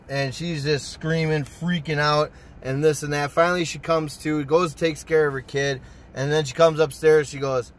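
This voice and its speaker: A young man telling a personal story to his channel in a casual, profane, excitable way. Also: on the high side, normal speed. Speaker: storytime vlogger.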